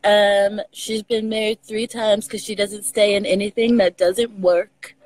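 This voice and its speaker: A woman's voice: mid-range voice, little pitch movement, a little slow, darkish tone, no room sound, low-quality recording. A woman with a Texas accent, chatting casually on a video call and telling stories with the odd swear word. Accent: Texan. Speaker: guest. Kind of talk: casual chat over a live video call.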